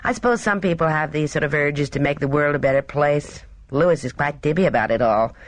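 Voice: mid-range voice, a little fast, no echo, close to an everyday voice. A reader voicing a cheerful, careless young woman who chatters in airy, slangy upper-class talk. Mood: breezy.

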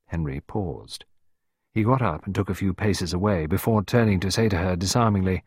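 A man reading a story aloud in a measured, low-key narrating voice. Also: darkish tone, slightly rough, no echo, studio quality. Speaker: audiobook narrator. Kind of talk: scripted narration.

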